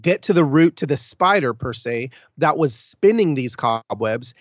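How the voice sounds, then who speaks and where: A man telling his story as a podcast guest, candid and emphatic, with quick restarts and sudden emphatic bursts. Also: medium pitch, animated, no room sound, dull audio.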